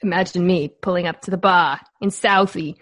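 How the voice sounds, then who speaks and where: A woman's voice: lowish voice, steady tone, brisk, a bit bright. A woman hosting a talk show, playful and enthusiastic, joking while practicing an accent. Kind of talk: playful casual chat.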